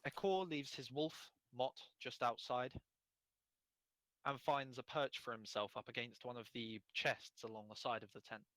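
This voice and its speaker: A man narrating as game master, quick and descriptive with fillers. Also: mid-range voice, a bit bright, no echo, rough recording.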